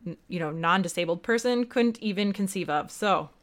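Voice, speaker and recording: A young woman co-hosts a podcast in relaxed, chatty conversation. Her voice is smooth and clear, and she tells stories in an animated, self-deprecating way. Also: on the low side, moderate pace. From United States. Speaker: podcast co-host. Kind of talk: casual chat.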